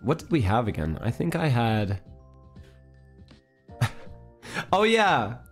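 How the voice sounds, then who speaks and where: A man's voice: mid-range voice, very animated, slow, faint music behind. A man streamer telling a story in a casual chat stream. He rambles, fills his talk with fillers, and giggles often.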